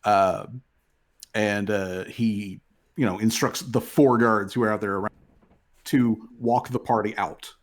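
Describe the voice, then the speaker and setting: A man's voice: lowish voice, fairly even intonation, measured pace. A man running a tabletop game as game master, talking loosely with many fillers.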